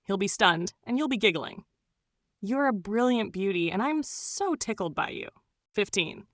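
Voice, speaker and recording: A woman's voice: mid-range voice, no room sound. A woman reading scripted narration in a gushing, doting way, full of pet names.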